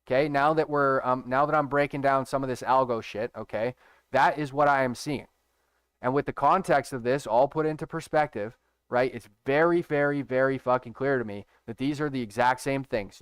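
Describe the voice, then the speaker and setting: A man's voice: mid-range voice, smooth, no echo, clean studio sound. A man giving a casual screen-share trading tutorial, emphatic and profane, who keeps checking in with his viewers. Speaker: stock trading educator.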